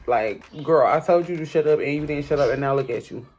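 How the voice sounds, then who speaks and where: A woman's voice: low voice, fast talker, darkish tone. A woman hosting a casual, gossipy recap of a reality show, talking straight to her viewers in a sassy voice. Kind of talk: casual chat.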